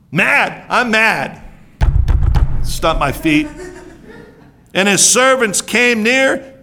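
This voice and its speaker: A male preacher delivers a sermon with a bright, slightly high voice. He talks casually and jokes with the congregation. He moves between hushed asides and loud outbursts. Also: a little hiss or hum.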